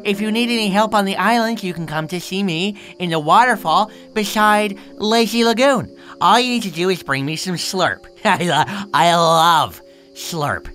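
A man voicing a friendly, goofy male sea monster who shouts eagerly in a game machinima. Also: high voice, unhurried, soft background music. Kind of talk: game machinima role-play.

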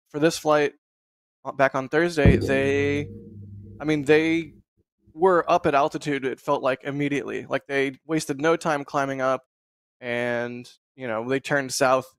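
A man hosting a casual live stream, talking in a relaxed, rambling way with frequent laughs over a video call. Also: mid-range voice, unhurried, clean tone, no echo, studio quality. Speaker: host.

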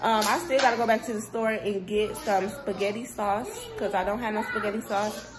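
A woman's voice: medium pitch, lively intonation, moderate pace. Chatty woman showing off groceries. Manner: chatty, talks straight to viewers, says y'all a lot. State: sick with a sore throat and runny nose. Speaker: vlogger. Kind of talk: casual grocery haul chat.

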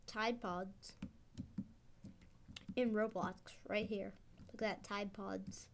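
A young woman casually commenting while she plays a video game, rambling and excitable, her speech slightly off from a dental expander. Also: mid-range voice, slow, slight background noise. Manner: chatty, excitable, rambling with fillers. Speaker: gaming video host.

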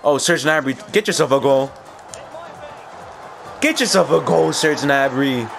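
A young man giving excited live commentary while playing a football video game, cheering his players and laughing often. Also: mid-range voice, measured pace, gravelly, soft background music. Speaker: gaming YouTuber.

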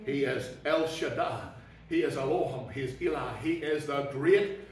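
A man preaching a sermon as pastor, emphatic, swinging between loud declarations and low, quiet asides. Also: normal speed. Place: church. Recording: echoey church hall, mic at a distance.

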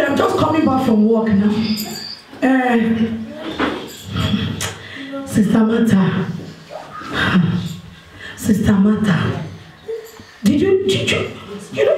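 A woman with a Nigerian accent playing a single woman desperate to marry, pleading and complaining on a phone call in a church stage drama, with bursts of shouting. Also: high voice. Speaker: stage actor. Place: stage in an echoey hall. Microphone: distant mic. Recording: echoey hall, distant microphone.

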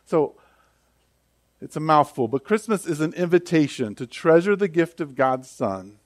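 A man preaching a sermon as pastor, conversational and animated, acting out the voices of people in the story. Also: mid-range voice, no room sound, clean studio sound.

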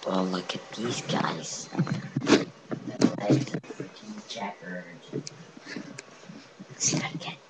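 A young man with a very deep voice riffs over a game in a slow, goofy, mock-dramatic way. He slides into whispers and then swings back up with lively pitch. The recording carries clear background noise. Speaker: gamer recording a video. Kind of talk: goofy casual game commentary.

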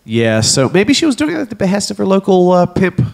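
A man co-hosting a comedy podcast, joking crudely, laughing loudly and feigning outrage in casual banter. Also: high-pitched, wildly swooping pitch, fast talker, gravelly. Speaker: podcast co-host.

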